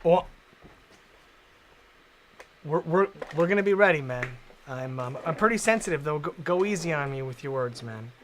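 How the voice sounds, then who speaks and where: A man's voice: a little high, animated, normal speed, long pauses, noisy background. A man, chatting casually on a stream, laid-back and swearing often.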